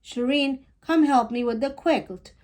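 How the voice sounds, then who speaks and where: A woman's voice: high-pitched, a little slow, darkish tone. A woman voicing a kindly, lightly teasing mother in a children's picture book read-aloud.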